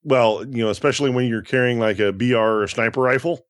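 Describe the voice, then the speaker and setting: A man's voice: mid-range voice, quick pace, dry recording, studio quality. A man co-hosting a casual gaming show, matter-of-fact as he explains achievements. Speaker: game podcast co-host. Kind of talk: casual gameplay commentary.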